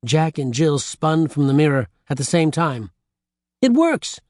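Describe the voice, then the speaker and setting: A man narrating an audiobook with lively storytelling on a close studio mic. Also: fairly high pitch, normal speed, dry recording.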